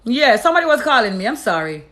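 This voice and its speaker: Emphatic, lively woman telling her testimony. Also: fast. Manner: emphatic and profane, acts out conversations with God in lower tones. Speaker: storyteller sharing her testimony. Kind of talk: casual monologue to an audience.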